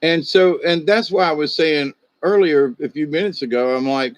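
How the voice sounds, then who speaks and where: A man's voice: on the high side, normal speed, dry recording. A middle-aged man with a Southern US drawl, hosting a casual livestream chat, rambling and chuckling as he talks to viewers by name. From American South. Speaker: livestream host.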